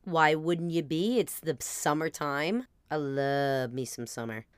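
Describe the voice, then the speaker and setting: A woman with a New Jersey accent tells comic stories in a rambling, animated, self-mocking way. Her voice sits low and sounds very clear and smooth. The recording is close and dry. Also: takes it slowly, no echo. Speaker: podcast host. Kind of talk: comedic storytelling monologue.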